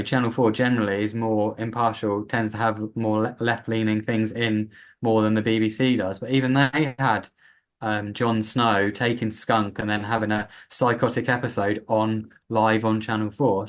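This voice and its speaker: Low-voiced British man, animated interview guest. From United Kingdom. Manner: animated, acts out quoted voices. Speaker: patient advocate guest. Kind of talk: casual interview talk.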